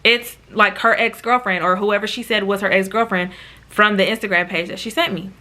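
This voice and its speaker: A woman telling a dramatic storytime to her viewers, animated and profane, often addressing them as y'all. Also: mid-range voice, brisk. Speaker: YouTube storyteller. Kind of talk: casual storytime.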